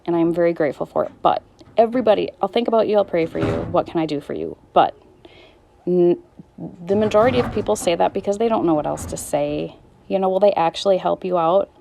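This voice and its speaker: A woman's voice: on the low side, lively intonation, quick pace, vocal fry, music in the background. A woman in her thirties talking candidly in a personal vlog, weary and struggling, rambling and trailing off mid-thought. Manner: raw, rambling, restarts and trails off. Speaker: vlogger.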